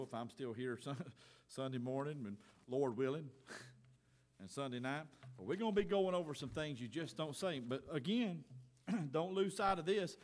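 A middle-aged man preaching a sermon in church, folksy and earnest, swinging from loud exhortation to quiet asides. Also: a little high. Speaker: pastor.

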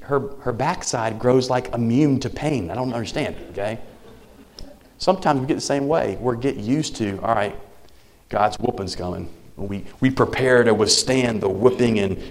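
Brief Male pastor, thirties, mid-pitched, preaches with big swings from loud emphasis to hushed tenderness. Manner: animated preaching, swinging from loud emphasis to soft near-whisper. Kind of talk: sermon.

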